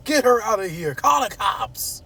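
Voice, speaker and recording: A man voicing a stern man who shouts orders. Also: high-pitched, expressive, unhurried, creaky, slightly rough, voice pushed up, full character voice. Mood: furious.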